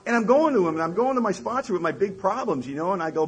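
Husky, animated man telling a wry story. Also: high voice, rapid-fire, few pauses, low-quality recording. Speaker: recovery speaker. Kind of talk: storytelling talk to an audience.

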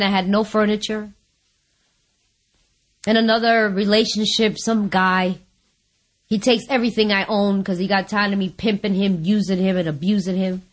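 A woman sharing her recovery story before an audience, candid and wry, often laughing at herself. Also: mid-range voice. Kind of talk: personal testimony before an audience.

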